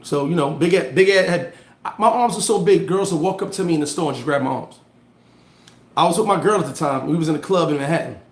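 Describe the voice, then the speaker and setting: A man's voice: on the high side, fast talker, echoey room. Slangy man livestreaming motivation. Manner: animated storytelling with street slang; reads and answers viewer comments. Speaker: livestream host giving motivational talk. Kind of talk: casual motivational live chat.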